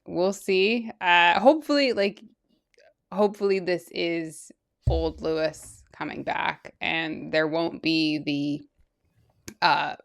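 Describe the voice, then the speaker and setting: A woman's voice: fairly low pitch, slow pace, vocal fry. A woman co-hosting a podcast, chatting casually, laughing often between filler words. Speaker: podcast co-host. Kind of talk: casual chat.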